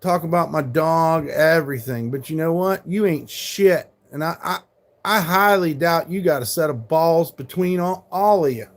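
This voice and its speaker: A man's voice: on the high side, moderate pace. A man in his forties, live streaming and arguing with trolls in chat, combative and full of profanity. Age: 40s.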